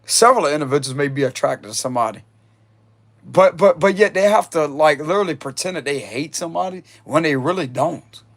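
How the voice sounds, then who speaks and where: A man giving a casual tarot reading, animated and laughing often, repeating phrases and swearing freely. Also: a little high, fairly quick. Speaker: tarot reader.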